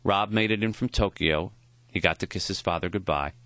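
A man quietly narrating a memoir audiobook in a measured, reflective way. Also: low voice, dry recording.

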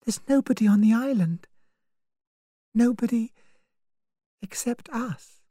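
A woman narrator voicing a frightened young woman who speaks quietly and tensely, in a story reading. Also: a little high, lively intonation, moderate pace, dry recording, clean studio sound, voice pushed up.

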